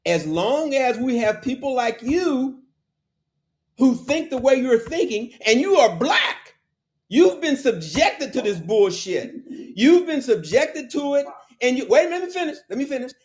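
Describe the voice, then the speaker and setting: Man host, high animated voice, insistent and forceful, keeps cutting in to finish his point. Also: measured pace. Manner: forceful, insistent, repeats phrases to hold the floor. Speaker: podcast host. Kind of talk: heated debate.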